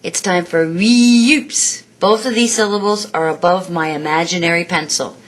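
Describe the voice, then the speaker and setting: A woman's voice: lowish voice, moderate pace, faint music behind. A woman vocal coach giving a singing lesson, explaining exercises and demonstrating them. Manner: demonstrative, sings exercise syllables between explanations.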